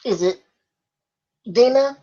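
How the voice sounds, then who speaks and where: A woman's voice: a little high, expressive, takes it slowly, dark tone, lo-fi sound. A woman vlogger answering viewer questions in a casual chat, often breaking into laughter.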